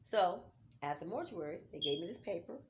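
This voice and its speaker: A middle-aged woman talking at home about grief, heartfelt, dropping to near-whispers and rising to loud urging. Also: on the low side, animated, fairly quick, slight background noise. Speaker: vlogger. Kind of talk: emotional vlog talk. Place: home, on a couch.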